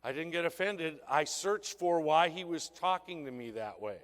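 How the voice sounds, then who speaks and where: Brief: male sales seminar speaker with a fairly high voice, punchy questions to the room, long hall reverb. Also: lively intonation, moderate pace, fairly bright tone. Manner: punchy rhetorical questions to the audience. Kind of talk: motivational sales talk to an audience. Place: conference hall.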